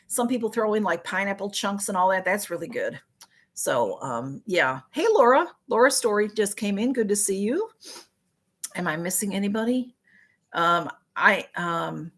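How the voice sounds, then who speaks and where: A woman's voice: medium pitch, fairly bright tone. A middle-aged woman with a Southern US accent, chatting casually with viewers on a livestream and reading out their comments in a rambling way. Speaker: livestream host. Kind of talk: casual live chat with viewers.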